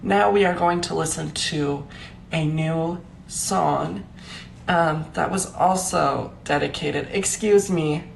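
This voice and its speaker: Man, comedy livestream host, mock-solemn, theatrical, slow drawn-out delivery, gravelly. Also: on the high side, slight background noise.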